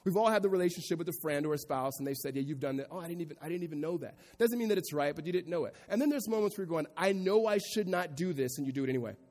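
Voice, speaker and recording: A pastor preaching a sermon to a congregation, moving from quiet reflection to raised, emphatic delivery. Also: male voice, on the high side, animated, rapid-fire, hardly any pauses, long reverb tail. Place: church sanctuary before a congregation.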